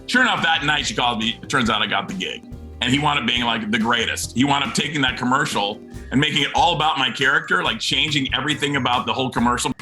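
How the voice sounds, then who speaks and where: A man tells a story at a quick clip, and his voice comes across bright and sharp. He acts out each person in the story as he goes, with faint music playing underneath. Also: medium pitch. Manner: lively storytelling, acting out quotes. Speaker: actor telling a story. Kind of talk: anecdote.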